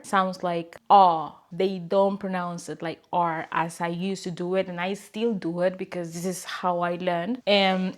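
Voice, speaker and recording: A young woman with a Spanish accent, a native Spanish speaker from a small tropical country, answering viewer questions in a casual, hesitant way with fillers and soft laughs. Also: medium pitch. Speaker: vlogger. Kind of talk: casual Q&A to camera.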